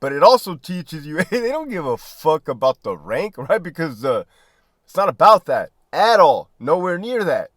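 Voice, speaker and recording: A middle-aged man holds forth in a casual, profane monologue, swearing freely and breaking into laughter often. His voice sits high and swings widely in pitch. The recording is dry and close, with no room sound. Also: sing-song, normal speed, a bit bright, no room sound. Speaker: podcast host, former prison guard and army veteran.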